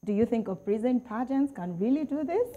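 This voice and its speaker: A Nigerian woman hosting a lively panel chat, teasing her guests and reading out quotes. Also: a little high, fairly quick, lo-fi sound. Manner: animated, teasing, reads out tweets. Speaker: talk show host.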